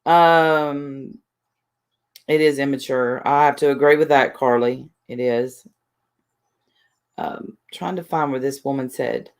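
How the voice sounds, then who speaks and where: A woman's voice: extremely low pitch, fairly even intonation, slow pace, long pauses. A woman, chatting casually on a livestream, rambling defensively and reading viewers' messages aloud. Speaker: livestream host.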